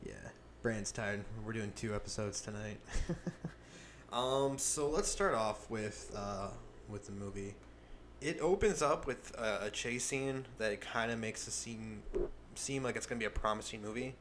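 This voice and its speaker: Casual young male podcast co-host, rambling and filler-heavy, lowish voice, faint hiss behind. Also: unhurried, a bit bright. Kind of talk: casual movie review chat.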